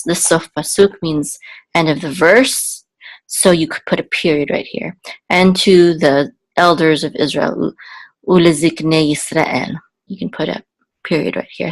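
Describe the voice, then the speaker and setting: A woman teaching Biblical Hebrew reading, explaining slowly with fillers and self-corrections, then chanting the marks in a higher sung voice. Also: poor audio.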